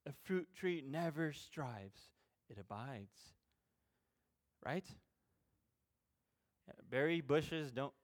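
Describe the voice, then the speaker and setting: A man preaching a sermon as a youth pastor. He is animated and informal, swinging between loud emphasis and quiet, self-deprecating asides. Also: on the high side, takes it slowly, long pauses.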